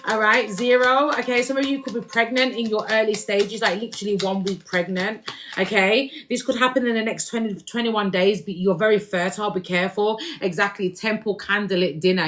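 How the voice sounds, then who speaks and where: A woman's voice: medium pitch, fairly even intonation, a little fast, a bit bright. A woman giving a casual spiritual reading to her viewers, chatty and laughing, sometimes swearing and slipping into slang. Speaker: spiritual reader.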